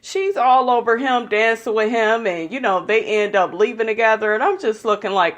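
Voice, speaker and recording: A woman's voice: on the high side, moderate pace, few pauses. Blunt, gossipy woman recapping a show. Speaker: vlogger recapping a reality show. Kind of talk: casual recap commentary.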